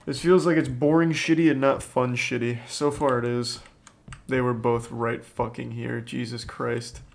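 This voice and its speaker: A man giving deadpan, sarcastic commentary while playing a horror game on stream, with sudden startled yelps at the scares. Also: medium pitch, vocal fry. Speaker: gaming streamer. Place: home streaming setup on webcam.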